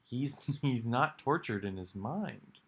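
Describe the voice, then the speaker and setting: A man's voice: mid-range voice, animated, slow pace, a bit bright, breathy edge. A man giving a rambling, reflective monologue for his video, musing aloud with sighs and restarts. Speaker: video creator.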